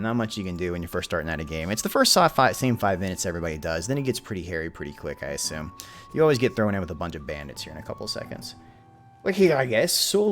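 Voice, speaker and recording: A man giving casual, rambling commentary while streaming a video game, joking with his chat. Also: lowish voice. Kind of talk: live gameplay commentary.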